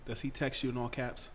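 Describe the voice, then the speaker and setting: A man co-hosting a podcast, asking playful questions in casual chat. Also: medium pitch. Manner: playful, quick questions with laughter. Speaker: podcast co-host.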